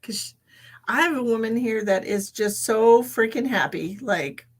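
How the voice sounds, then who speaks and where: A woman's voice: fairly high pitch, animated, measured pace, slightly rough. A woman giving live psychic readings as a medium, chatting casually, laughing often and dropping into whispered asides.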